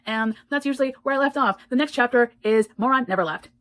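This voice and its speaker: Fast-talking, profane woman reviewing a book. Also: a little high, fairly bright tone, rough recording. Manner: blunt and profane, swears freely; heated, indignant retelling of plot. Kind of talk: casual spoken book review.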